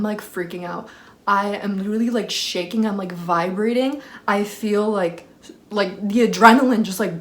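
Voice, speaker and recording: A young woman casually telling a personal story to camera, full of fillers, acting out her own shouting. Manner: animated, reenacts screaming at high pitch; many fillers like "like" and "freaking". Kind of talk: casual story time vlog.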